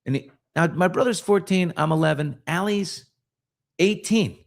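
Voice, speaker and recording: A man's voice: high voice, moderate pace, vocal fry. A middle-aged man, a podcast host, telling a story in casual chat and acting out voices in it. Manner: animated, acts out voices in his stories.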